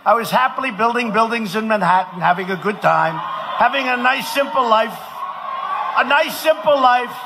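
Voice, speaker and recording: A man from the United States giving a campaign rally speech, shouting and repeating phrases for emphasis. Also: extremely high pitch, lively intonation, moderate pace. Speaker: politician addressing a rally. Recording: rally recording with clear background noise.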